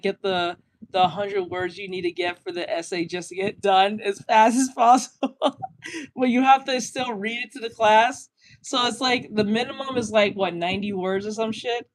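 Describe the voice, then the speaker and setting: A man giving blunt, crude reaction commentary on a clip, often laughing at his own jokes. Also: sits high.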